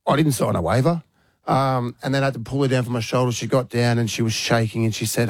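Man, radio host, animated storyteller, medium voice, dry studio sound. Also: medium pitch, fast, no echo. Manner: animated, acts out quotes with punchy sound words. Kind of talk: casual storytelling chat.

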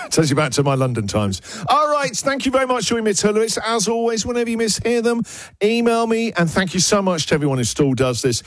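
A man's voice: high voice, big pitch swings, a little fast, fairly bright tone, no echo. A man co-hosting breakfast radio, reading out misheard lyrics with playful, teasing laughter. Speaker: radio co-host.

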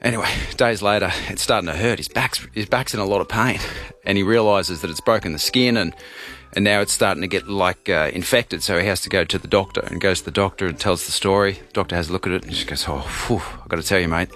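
A man's voice: sits low, fast talker, hardly any pauses, fairly bright tone, faint music behind. A man hosting a radio show, telling a long joke in a rambling way, full of "uh" and "anyway.". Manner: rambling storyteller with many fillers. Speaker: radio host.

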